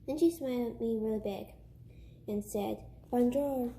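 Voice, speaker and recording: Woman reading a story aloud, higher voice, halting with restarts, light background hiss. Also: warm tone. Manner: halting, stumbles and restarts, breaks off to chat. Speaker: reader.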